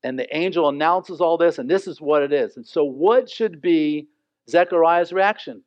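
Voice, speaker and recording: Male pastor, lively, joking sermon voice, fairly high, in a dull, dry recording. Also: moderate pace, dry recording. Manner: animated, joking, acts out the characters. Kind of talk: sermon, verse-by-verse Bible teaching.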